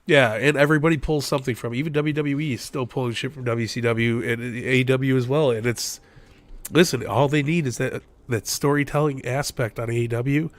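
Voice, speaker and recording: A man's voice: mid-range voice, fairly even intonation, fairly quick, no echo. Laid-back, cursing podcast guy. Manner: laid-back, swears freely. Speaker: podcast co-host. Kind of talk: casual wrestling podcast chat.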